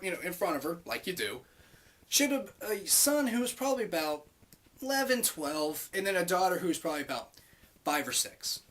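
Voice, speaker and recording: Young guy ranting a story to his camera, swears a lot, voice jumps up and down. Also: high-pitched. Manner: profane, animated, acts out quoted voices loudly. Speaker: vlogger.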